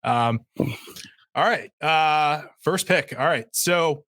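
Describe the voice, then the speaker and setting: A man's voice: fairly high pitch, slow pace, bright, forceful tone, no room sound. A man hosting a casual podcast chat over a video call, laughing often and restarting his sentences. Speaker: podcast host running the draft.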